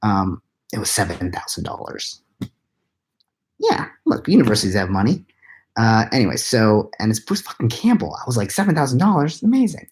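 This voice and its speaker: A tired man, likely in his thirties, answering live chat questions into a laptop at home at night, keeping his voice hushed and rambling with quiet self-mocking laughs. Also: on the low side, very animated, moderate pace. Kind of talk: late-night live chat Q&A, half-whispered. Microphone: laptop mic.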